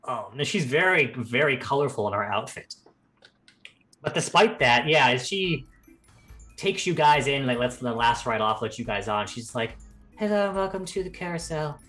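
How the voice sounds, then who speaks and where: A young man narrating as game master in a relaxed, rambling way with lots of fillers. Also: medium pitch, moderate pace, soft background music. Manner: casual, rambling with many fillers. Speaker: dungeon master.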